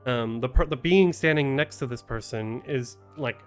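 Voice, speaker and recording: A man's voice: mid-range voice, soft background music. A man narrating a tabletop game as game master, with many ums and restarts. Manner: halting, full of ums and restarts.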